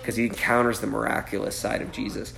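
A man's voice: lowish voice, little pitch movement, fast, gravelly, a bit bright, soft background music. A man pastor preaching a sermon in a loose, conversational way, often asking "right?" and acting out the people in the story. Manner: casual preaching, frequent "right?", acts out voices with laughs. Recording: echoey room.

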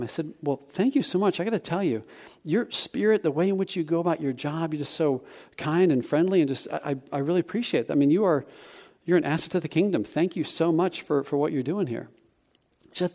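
A man preaching a sermon, telling a personal story in an animated way with many restarts. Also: on the high side, quick pace.

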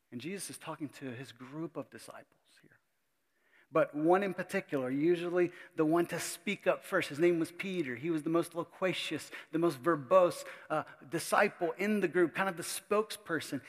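A pastor giving a sermon, talking to the congregation in a conversational, emphatic way with many repetitions. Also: male voice, high-pitched, normal speed, big-room sound.

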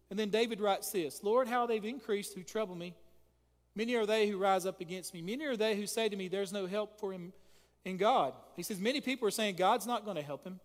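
A man's voice: sits high, long reverb tail. A man preaching a sermon as pastor, reading scripture and asking the congregation questions. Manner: impassioned preaching, reads scripture aloud, asks the congregation questions.

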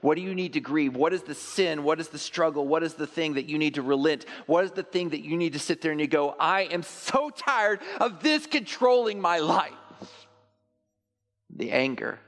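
A male pastor preaching a sermon to his church, animated, sometimes mimicking churchgoers in high put-on voices. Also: quick pace, few pauses. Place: church sanctuary. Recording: long reverb of a large hall.

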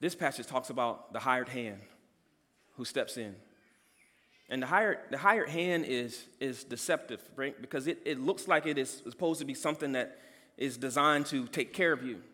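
A man preaching a sermon as a pastor, emphatic, rising to loud cries and dropping to near-quiet. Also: mid-range voice, normal speed. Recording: long hall reverb.

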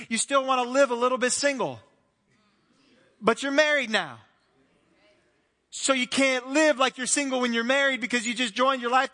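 A man's voice: extremely high pitch, sharp tone, in a large hall. A man preaching a sermon as pastor, earnest and questioning as he addresses the congregation. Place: church hall.

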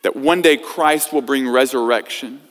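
A man preaching a sermon as pastor, swinging from loud emphasis to hushed scripture reading. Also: medium pitch, normal speed. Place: church sanctuary. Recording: long reverb of a church hall.

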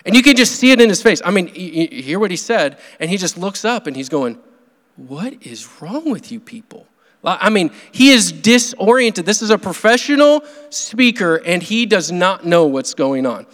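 A man delivers a sermon in a high, clear voice, earnest and measured with dramatic pauses. His words ring out with a long reverb, as in a large hall. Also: very animated, fairly bright tone. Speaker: pastor.

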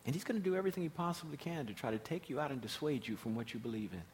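A man's voice: medium pitch, animated, rapid-fire, a little mellow, slight background noise. A man preaching a sermon as pastor, emphatic and repeating his key phrases.

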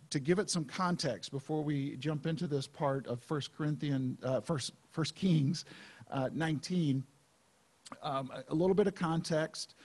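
A man preaching a sermon as pastor, in a conversational, unhurried way with frequent fillers. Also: mid-range voice, husky.

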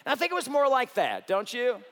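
A middle-aged man preaching a sermon as a pastor, telling the story with humor and swinging between loud, animated stretches and hushed ones. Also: very high voice, a little fast, long reverb tail.

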